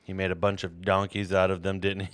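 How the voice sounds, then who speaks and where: A man's voice: low-pitched, little pitch movement, fairly quick, fairly bright tone, no echo. A man hosting a podcast in casual chat, rambling and jokey with a self-deprecating streak. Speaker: podcast host.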